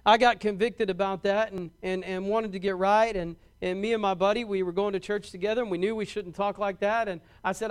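A man's voice: high voice, fairly even intonation, a little fast, smooth. A man preaching a sermon to his congregation in a conversational way, often restarting and repeating words and asking the congregation questions. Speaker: pastor.

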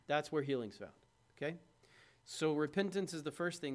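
A man preaching a sermon in a conversational way, asking the congregation questions and swinging from loud emphasis to hushed tones. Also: fairly high pitch, normal speed.

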